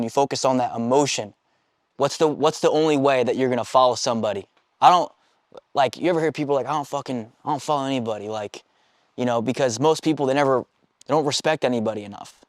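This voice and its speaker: A man's voice: medium pitch, dry recording, studio quality. A man leading a sales team meeting, talking bluntly with constant swearing and acting out bits of dialogue. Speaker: sales trainer. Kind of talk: profane motivational team talk. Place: meeting room with a small group.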